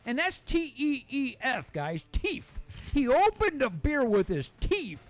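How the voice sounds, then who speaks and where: A man's voice: very high-pitched, huge pitch swings, slow. A man hosting a live sports talk show, playful and rambling as he jokes and reads out viewer comments.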